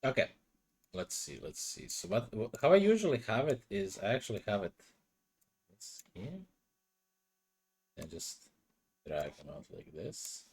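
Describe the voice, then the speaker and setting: Young guy streamer, animated up-and-down pitch, rambly and swears, home desk mic. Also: measured pace, long pauses, slightly rough. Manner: chatty, swears, self-conscious, talks to chat. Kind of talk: casual livestream chat. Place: home room. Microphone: desk microphone.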